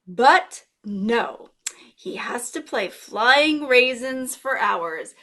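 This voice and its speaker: Animated woman reading a bedtime story to children. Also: on the high side, slow. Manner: animated and playful, with gasps and exclamations, asking children questions. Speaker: guest librarian. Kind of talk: children's story-time read-aloud.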